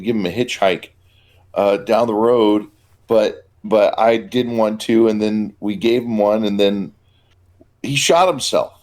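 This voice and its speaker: Wry low-voiced man playing a tabletop game. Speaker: player. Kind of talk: casual tabletop role-play.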